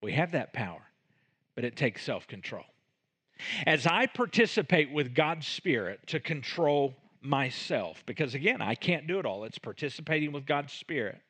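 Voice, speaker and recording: A middle-aged man preaching a sermon, animated and self-mocking, with sudden loud outbursts. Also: a little high, normal speed, breathy edge. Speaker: pastor.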